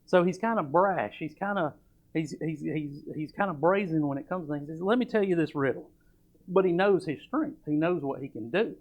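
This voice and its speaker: A man's voice: fairly high pitch, normal speed. A man preaching a sermon at a church service. He talks in a folksy, emphatic way and reads old scripture aloud. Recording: dull lo-fi church recording.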